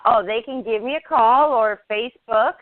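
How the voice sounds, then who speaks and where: A woman speaking as an interview guest, earnest and halting, often restarting her sentences. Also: on the high side. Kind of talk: casual interview chat. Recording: tinny dry phone line.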